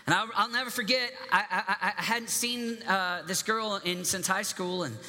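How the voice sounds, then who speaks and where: Guy in his 30s preaching, super bright sharp voice, lots of restarts, long hall reverb. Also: high-pitched, normal speed. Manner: animated, with many restarts and asides to the audience. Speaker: pastor. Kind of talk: sermon storytelling.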